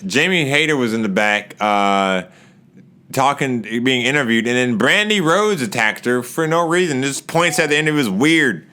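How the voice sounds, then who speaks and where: A man reviewing a wrestling episode in a casual, chatty way. His voice is bright and lively, swinging widely in pitch as he jumps into raised voices to act out wrestlers' lines. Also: moderate pace, a little hiss or hum. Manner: animated, laughs often, acts out wrestlers' lines in raised voices. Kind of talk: casual recap commentary.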